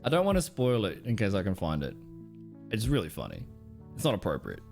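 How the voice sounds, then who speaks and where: A man's voice: lowish voice, wildly swooping pitch, fairly quick, creaky, a little mellow, soft background music. Rambling, swearing male streamer. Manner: rambling, swears often, laughs a lot. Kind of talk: casual live-stream reaction chat.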